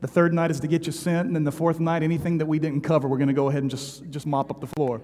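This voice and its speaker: A male preacher with a fairly high voice, moving between scripture, prayer and lively personal stories. He talks in a conversational, animated way and often repeats himself. His voice carries the long reverb of a large hall. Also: fast, hardly any pauses. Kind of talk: sermon with storytelling.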